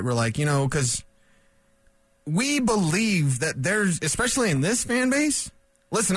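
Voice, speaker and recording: A sports radio host in the studio, a man with a slightly high voice that swings up and down all the time. He rants, wisecracks and wanders into asides, and the sound is dry and close to the mic. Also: dry recording. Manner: animated, wisecracking, rambling asides. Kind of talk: sports talk radio rant.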